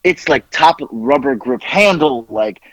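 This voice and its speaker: A man's voice: mid-range voice, animated, a little slow, no echo, rough recording. A man telling a story in casual chat as podcast co-host, acting out the quoted voices as he goes.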